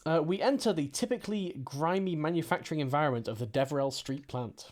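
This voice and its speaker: A man streaming a detective board game, chatting casually and reading the case text aloud in a relaxed, jokey way. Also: on the high side, fast talker.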